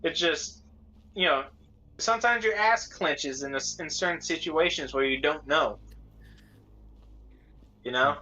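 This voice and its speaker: A man's voice: a little high, measured pace, pauses often, sharp tone. A man co-hosting a casual chat, rambling with many fillers and laughing often. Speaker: podcast co-host. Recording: dull lo-fi sound.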